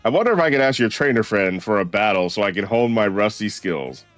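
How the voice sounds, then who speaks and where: Man doing gracious old barista, shaky French accent, low voice, dry close sound, faint music under. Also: sing-song, brisk, fairly bright tone, dry recording. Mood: hopeful. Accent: attempted French. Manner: reading game dialogue aloud, polite and formal. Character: old male former cafe barista, gracious.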